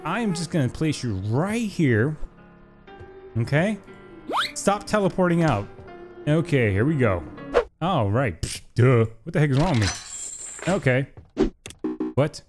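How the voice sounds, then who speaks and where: A man's voice: on the high side, sing-song, a little slow, long pauses. A young man commentating a horror game he is playing, jumpy and teasing the baby character with mock insults. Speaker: gaming YouTuber. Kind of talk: let's play commentary. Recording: game music playing behind. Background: game music.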